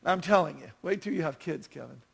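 A man's voice: a little high, brisk, gravelly, husky. A man in his fifties preaching a sermon in a chatty, self-deprecating way, telling stories with animation. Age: 50s.

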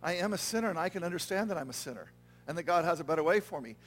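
A man with a noticeably high voice delivers a sermon in an earnest, conversational way. He often stops to check in with his listeners, asking if they follow along before going on. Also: animated, very fast, soft background music. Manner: earnest, conversational preaching with frequent "okay?" and "right?" check-ins. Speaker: pastor. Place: church.

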